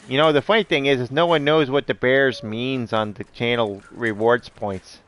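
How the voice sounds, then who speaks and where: A man's voice: mid-range voice, steady tone, moderate pace, few pauses, fairly bright tone. A middle-aged man streaming live, rambling casually and answering his viewers' chat messages.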